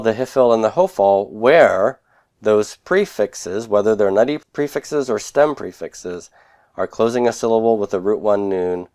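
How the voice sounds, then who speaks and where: A middle-aged man gives a grammar lecture in a slightly low voice. He talks slowly and methodically and sounds out each word syllable by syllable. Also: darkish tone. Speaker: Hebrew grammar teacher. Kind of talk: recorded classroom lecture.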